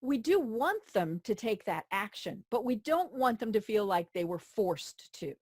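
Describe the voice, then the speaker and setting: A woman's voice: mid-range voice, big pitch swings, a little slow, darkish tone, slightly rough, dry recording. Middle-aged woman host, dry close voice. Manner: chatty, self-mocking, frequent mm-hmm. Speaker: podcast host. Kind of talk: casual chat.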